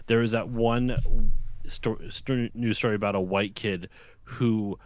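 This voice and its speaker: A man's voice: lowish voice, steady tone, measured pace, no echo. A man co-hosting a casual live-streamed talk show, rambling through stories with many restarts. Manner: rambling, restarts, loose storytelling. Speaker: podcast co-host.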